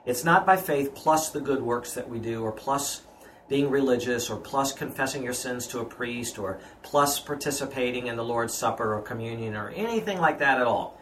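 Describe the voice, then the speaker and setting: A man pastor gives an earnest teaching answer in a mid-pitched voice, driving his points home with repeated phrases. A faint hiss sits under the recording. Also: moderate pace, fairly bright tone, poor audio.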